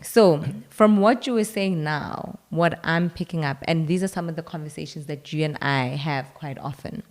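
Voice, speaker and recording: A South African woman in her thirties co-hosting a casual chat, lively and quick to laugh, often talking straight to viewers. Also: deep voice. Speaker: co-host.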